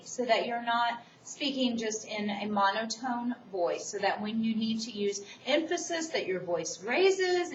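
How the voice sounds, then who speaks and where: A woman public speaking instructor giving a recorded course lecture, explaining the assignment in a quick, enthusiastic way. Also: a little high, a little hiss or hum. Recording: distant, roomy, dull recording.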